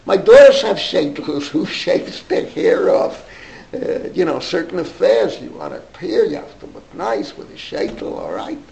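Gravelly older New man rambling. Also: sits high, big pitch swings, a little slow, a little mellow. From New York. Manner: digressive, many fillers and restarts. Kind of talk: rambling anecdotal storytelling. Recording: roomy echo, faint background noise.

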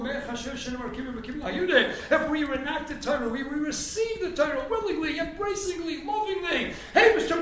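A man giving an animated, emphatic sermon as a rabbi, at times rising to near shouts. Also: very high-pitched, a little hiss or hum. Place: synagogue hall. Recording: echoey hall from far off, dull sound.

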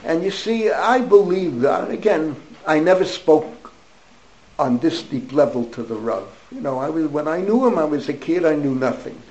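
A man's voice: on the high side, lively intonation, moderate pace, a little mellow, muffled recording, a little hiss or hum. An older man, a rabbi, giving an informal Torah class, rambling through anecdotes sprinkled with Hebrew and Yiddish and calling on his students by name.

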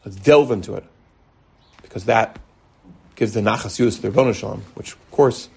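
A middle-aged man, a rabbi, giving an animated Torah lecture full of stories and bursts of emphasis. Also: on the low side, fairly quick, creaky, slightly rough. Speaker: rabbi teaching a Torah class.

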